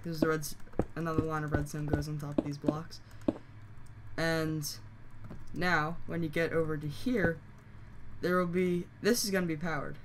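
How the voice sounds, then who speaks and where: A hoarse game tutorial host who is losing their voice, explaining steps casually with fillers and frequent self-corrections. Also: mid-range voice, level tone, normal speed, background noise. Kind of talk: casual screen-recorded tutorial.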